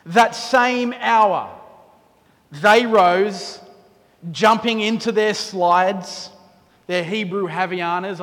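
A man preaching a sermon, telling stories with lively quoted asides. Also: sits high. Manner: storytelling, animated with quoted asides. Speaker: pastor. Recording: long hall reverb.

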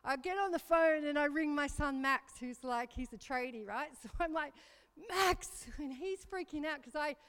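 A woman's voice: sits high, moderate pace, hardly any pauses. Chatty woman in her fifties. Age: 50s. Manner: chatty, self-mocking, animated when recounting panic. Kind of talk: storytelling talk at church. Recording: reverberant hall.

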